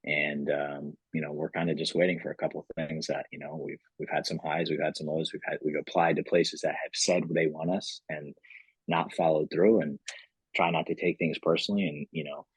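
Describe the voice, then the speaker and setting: Super deep voiced guy, kinda husky, rambling thru his founder story w/ lots of you knows, dry close mic. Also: level tone, a little fast, no echo, rough recording. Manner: rambling, many "you know" fillers. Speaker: company founder, podcast guest. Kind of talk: casual storytelling interview.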